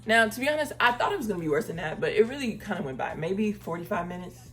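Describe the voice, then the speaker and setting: A woman telling a casual story time vlog, acting out the people she quotes and speaking in a relaxed, chatty way. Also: mid-range voice, quick pace, soft background music. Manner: uses "y'all" and "girl" casually. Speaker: travel vlogger.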